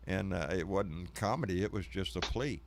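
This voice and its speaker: A man co-hosting a casual live show, chatting about politics and getting heated and animated when passionate. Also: sits low, normal speed. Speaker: co-host.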